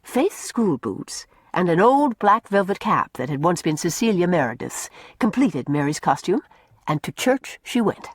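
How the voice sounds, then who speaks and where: A woman's voice: measured pace, slightly rough, dry recording. A woman narrating a classic novel as an audiobook, telling the story expressively. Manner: expressive storytelling with varied pitch.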